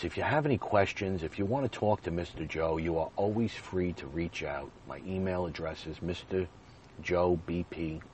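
A man with a deep, slightly mellow voice hosts his own podcast, delivering a personal monologue earnestly and directly to listeners in plain, repeated phrases. There is slight background noise.

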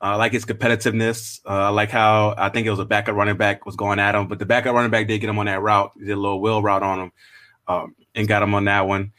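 Laid back guy talking football, lowish voice, lots of ums. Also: flat delivery, fast talker, sharp tone. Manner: easygoing, lots of fillers, laughs along. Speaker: sports show co-host. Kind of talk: casual sports chat.

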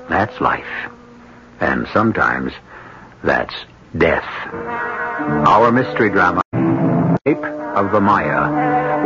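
A man hosting and narrating a radio mystery drama in a wry, measured way. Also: lowish voice. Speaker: host and narrator. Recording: hissy lo-fi radio broadcast.

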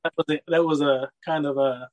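Here a slightly high male voice moves fairly quickly with fairly even intonation, captured on a low-quality recording. Casual and rambling, he reminisces about wrestling, laughs frequently and tends to say "you know what I mean."

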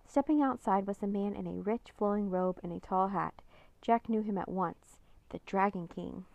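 A woman reading a children's chapter book aloud in a steady, measured way. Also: medium pitch, vocal fry, dry recording, muffled recording. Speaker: narrator. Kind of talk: storybook read-aloud.

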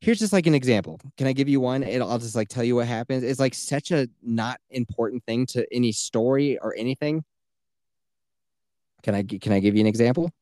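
A man's voice: medium pitch, brisk, mellow, no echo, studio quality. A man hosting a podcast, telling a long rambling story in casual chat, swearing freely and leaning on filler words. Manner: rambling and profane, full of "like" fillers. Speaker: podcast host.

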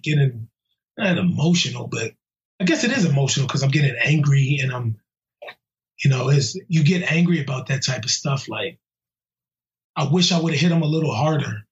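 A police officer being interviewed in a casual way, talking bluntly and heatedly with slang and halting restarts. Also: male voice, mid-range voice. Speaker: police officer interviewed about a violent attack. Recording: muffled lo-fi audio.

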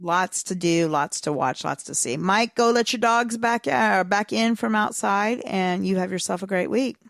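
A woman co-hosting a casual motorsport chat, talkative and quick to laugh. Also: medium pitch, vocal fry, no room sound. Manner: chatty, laughs easily, wraps up the show. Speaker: motorsport podcast co-host.

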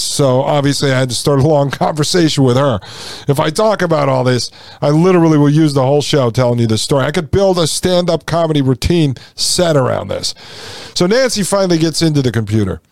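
A man's voice: fairly high pitch, fairly quick, creaky, a little mellow, no room sound, clean studio sound. A male podcast host rambling casually through a long story, full of fillers and asides.

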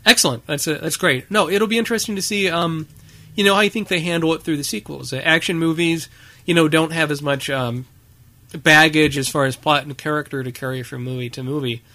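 A man hosts a laid-back podcast, talking in loose, rambling bursts full of fillers. His voice has a bright, keen edge. He laughs easily between points. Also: a little high, steady tone, fairly quick. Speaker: podcast host. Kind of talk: casual podcast chat.

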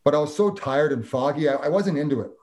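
A man's voice: fairly high pitch, quick pace. A man from Canada, a former hockey player, telling a story in casual chat and acting out what people said. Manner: animated storyteller, acts out quotes.

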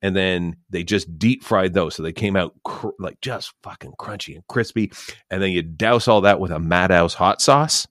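A Canadian man with a low voice talks through a podcast story at an easy, rambling pace. He swears casually and leans on fillers. The sound is close and dry, with no room around it. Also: moderate pace, a bit bright, dry recording. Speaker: podcast co-host. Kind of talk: casual chat.

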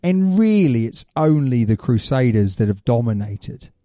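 In a casual podcast chat, a male co-host with a very dark, mellow, mid-range voice explains things at length and sets up questions for his partner. He speaks in a sing-song way at a moderate pace, and the recording is dry and close.

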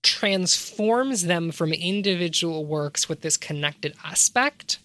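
Low bright-toned woman explaining game theory stuff like a lecture, dry close sound. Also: animated, slow pace, no room sound. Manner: academic, lecturing with rhetorical questions. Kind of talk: casual analytical discussion.

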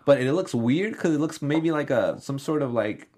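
A man's voice: mid-range voice, lively intonation, normal speed, darkish tone. Chatty young man hosting a podcast. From Southern California. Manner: chatty, filler-heavy, enthusiastic. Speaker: podcast host. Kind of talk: casual film news chat.

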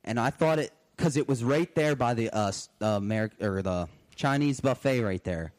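A young man co-hosting a podcast in a relaxed, profane ramble full of fillers and asides. His voice sits at an ordinary middle pitch. The sound is dry and close, with no room behind it. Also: normal speed, no room sound. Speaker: podcast co-host. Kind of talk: casual crude banter. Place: home kitchen.

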